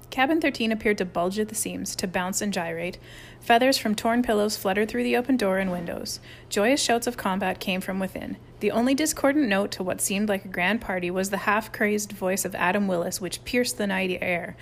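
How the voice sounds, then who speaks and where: A woman's voice: medium pitch, normal speed, a little hiss or hum. A woman narrating a children's chapter book aloud, reading expressively. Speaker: audiobook reader. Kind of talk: storybook narration.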